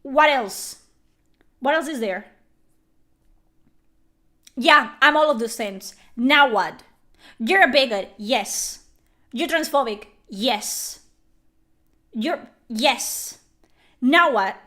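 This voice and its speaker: High-voiced woman venting angrily. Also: expressive, drawn-out words, long pauses. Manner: profane, sarcastic, loud venting. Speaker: streamer. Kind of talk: angry livestream rant.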